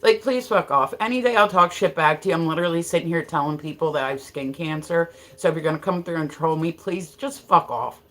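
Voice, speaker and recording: A woman's voice: sits low, a little fast, hardly any pauses, fairly bright tone. A woman from Ohio chatting casually on a livestream, greeting viewers by name and swearing bluntly. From Ohio, USA. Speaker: livestream host. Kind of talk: casual live-stream chat.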